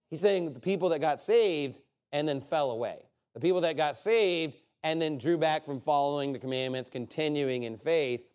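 A man preaching a sermon in a conversational, emphatic way, often checking in with "okay?" and swinging from quiet asides to loud bursts. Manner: swings from low, quiet asides to loud, high-pitched outbursts.

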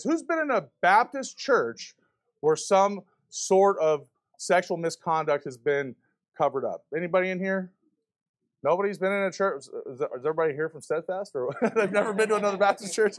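A man preaching a fiery sermon to a church congregation, firing rhetorical questions at the pews. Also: high voice. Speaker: visiting preacher.

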